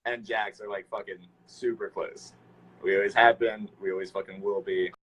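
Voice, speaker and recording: A young man hosting a casual phone livestream, talking excitedly and swearing nonstop. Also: on the low side, normal speed, husky, rough recording. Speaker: livestream host.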